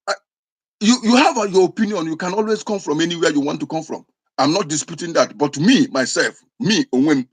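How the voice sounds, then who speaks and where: A man from Igbo land with an Igbo Nigerian accent, giving a forceful, emphatic monologue full of repetition. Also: on the high side. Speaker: speaker. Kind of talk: impassioned monologue.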